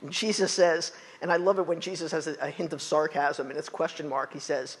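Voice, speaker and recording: A fairly high-voiced man preaching a sermon, retelling scripture and acting out its quotes. His voice has a husky edge. It carries a long reverb, as in a large hall. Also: brisk, hardly any pauses. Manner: animated storytelling, acting out quotes.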